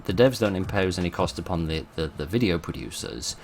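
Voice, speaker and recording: A man's voice: low voice, lively intonation, brisk, creaky, faint music behind. A man hosting his channel, talking informally and thoughtfully, with many fillers and restarts. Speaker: channel host.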